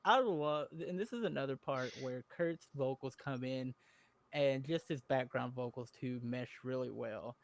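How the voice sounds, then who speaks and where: A man's voice: medium pitch, measured pace, gravelly, dry recording. A young man chatting on a podcast call, eager and rambling, often cutting himself off mid-sentence. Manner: rambling, eager, self-interrupting. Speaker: podcast co-host. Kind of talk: casual chat on a call.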